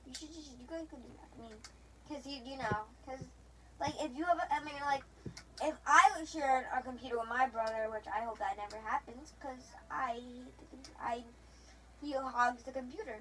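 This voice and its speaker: Young woman, high-pitched, casual gaming chat, rambling, teasing, faint background hum. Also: moderate pace, fairly bright tone, rough recording. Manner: rambling, restarts, playful teasing. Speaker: gamer.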